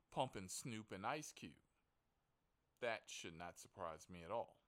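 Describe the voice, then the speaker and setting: A man with a gravelly, creaky voice tells a rambling story for his podcast. His pitch leaps up and down as he goes, and he swears casually and leans on fillers. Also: fairly bright tone. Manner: rambling and profane, with lots of fillers. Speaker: podcast host.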